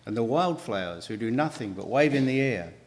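A man preaching a sermon in an earnest, measured way, pausing and restarting, with emphatic rises on key words. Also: medium pitch, lively intonation.

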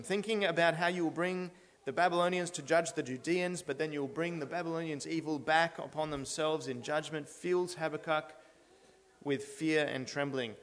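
A man's voice: on the high side, normal speed, fairly bright tone. A man preaching an expository sermon in a church, speaking earnestly and building to emphatic declarations. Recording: long reverb of a large hall.

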